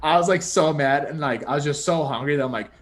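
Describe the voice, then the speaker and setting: A young man co-hosting a podcast, telling a story in a casual, animated way, laughing often and saying "like" and "dude" a lot. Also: a little high, quick pace. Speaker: podcast co-host.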